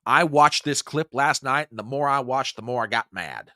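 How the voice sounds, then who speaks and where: A man's voice: normal speed, hardly any pauses, dry recording, clean studio sound. A man hosting a political commentary show, ranting angrily and sarcastically. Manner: angry, sarcastic, swinging between low growl and shouting.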